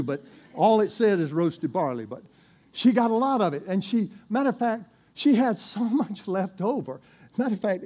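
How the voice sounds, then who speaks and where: Folksy pastor, mellow and warm. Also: male voice, fairly high pitch. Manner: folksy, chuckling storyteller; animated, with asides to the congregation. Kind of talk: sermon.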